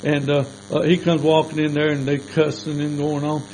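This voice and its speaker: A man's voice: fairly high pitch, monotone, normal speed, a little mellow, slight background noise, rough recording. An older man, preaching a sermon as a folksy, plainspoken storyteller.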